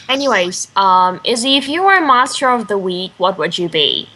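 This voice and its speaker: A woman's voice: medium pitch, big pitch swings, normal speed, bright, forceful tone. A woman with a light Moscow Russian accent whose first language is Russian, co-hosting a casual fan chat show. She laughs easily and keeps steering the conversation to the next question. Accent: Moscow Russian, softened by years of American English. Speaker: co-host.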